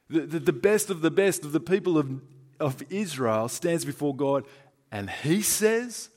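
With a voice on the high side and lively intonation, an Australian-accented man preaches at a moderate pace. He keeps it conversational and emphatic, shifting between loud stresses and soft, hushed lines.

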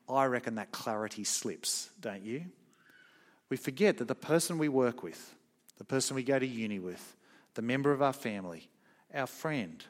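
A middle-aged man preaching a sermon, earnest and emphatic, slowing down on key points. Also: mid-range voice.

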